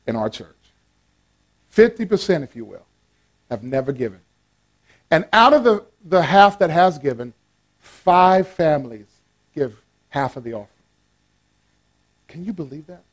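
A pastor preaching a playful, animated sermon with call-and-response to his congregation. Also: sits high.

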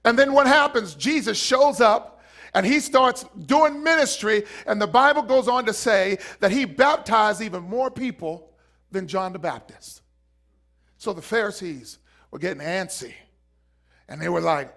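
High-voiced fiery preacher man. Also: expressive, moderate pace, gravelly. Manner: fiery, shouting, call-and-response with congregation; acts out quoted voices and repeats words for emphasis. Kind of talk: live sermon.

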